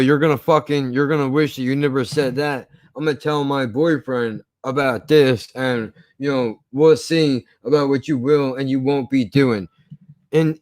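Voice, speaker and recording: A man's voice: medium pitch, no echo. A man casually telling a story from his past, swearing often and acting out the argument. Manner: profane, animated retelling.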